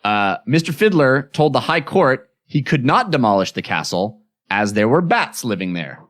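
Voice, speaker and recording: A man co-hosting a comedy podcast, playing it dry and deadpan in casual chat. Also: mid-range voice, moderate pace. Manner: dry, deadpan, laughs often. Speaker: podcast co-host.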